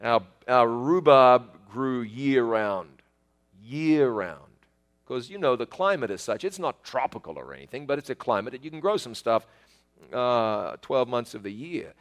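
A man chatting in a folksy, joking way, his pitch rising and falling a lot as he tells stories. He likes to repeat a phrase for emphasis, and his tone stays casual and anecdotal. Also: lively intonation, unhurried. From outside the United States. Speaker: storyteller talking with a pastor.

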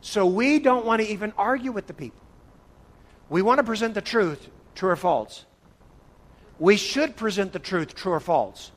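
A man with a slightly high voice leads a church Bible study, quizzing his listeners and teasing them by name. His words ring out with a long reverb in a big hall. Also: animated, moderate pace. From northern United States. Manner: playful, calls on listeners by name. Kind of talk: interactive church teaching session.

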